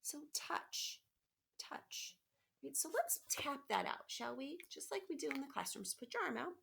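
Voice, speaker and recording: A woman teacher giving a remote phonics lesson to children, patient and encouraging, slowly sounding out letters. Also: high-pitched, big pitch swings, creaky, a bit bright, slight background noise. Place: home, by a window.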